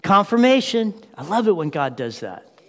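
A man preaching a lively sermon, asking his listeners questions and acting out the story as he goes. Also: high voice, moderate pace. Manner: lively, asks the audience questions, acts out scenes. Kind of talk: animated sermon. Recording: long reverb of a large hall.

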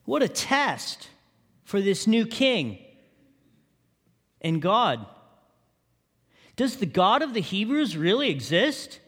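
A man's voice: high-pitched, very animated, slow, long pauses, a bit bright, breathy edge. A male pastor preaching a sermon, often asking the congregation questions. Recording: long reverb of a large hall.

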